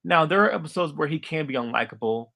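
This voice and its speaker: A young man giving casual cartoon commentary, halting and heavily repetitive as he talks. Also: on the high side, expressive, creaky, sharp tone. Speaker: video commentator.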